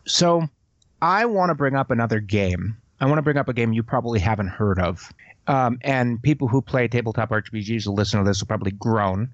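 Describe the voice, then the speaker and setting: A man's voice: mid-range voice, fairly quick, no room sound, dull audio. A man hosting a casual conversation about tabletop role-playing games, prompting his guest and telling his own stories, often repeating words.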